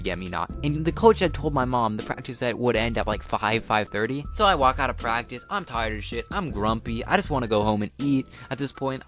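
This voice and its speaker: A teenage boy tells a story in a loose, rambling way, full of filler words and restarts. His voice sits at an ordinary middle pitch. Faint music plays underneath. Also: fairly bright tone. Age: teens. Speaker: vlogger. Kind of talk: casual storytime.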